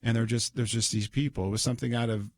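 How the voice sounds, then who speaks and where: A man's voice: medium pitch, fairly even intonation, fast, no echo. Man telling a rambling personal story. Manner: rambling storyteller with many restarts and laughs. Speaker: studio guest. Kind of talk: personal testimony in conversation. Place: radio studio. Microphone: studio microphone.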